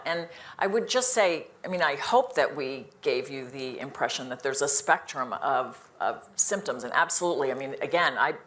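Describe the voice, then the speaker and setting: Woman, middle-aged, internist on a live panel, low-pitched voice, earnest and quick, full of restarts and repeated words. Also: a bit bright. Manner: earnest, fast-talking, with many restarts and "again".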